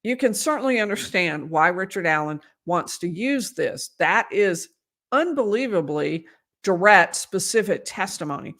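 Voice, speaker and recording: A woman's voice: mid-range voice, animated, normal speed, a bit bright. A woman lawyer giving conversational live commentary on a court case, losing her voice and often restarting her sentences. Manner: conversational, restarts and emphatic asides.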